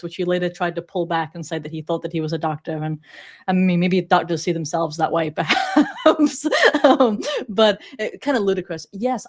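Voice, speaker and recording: A woman from England with a Sheffield accent softened by years in America, talking animatedly as an interview guest and often laughing. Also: on the low side. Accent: Sheffield English with a slight American twist. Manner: animated, laughs often, puts on voices to quote others. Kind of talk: conversational interview.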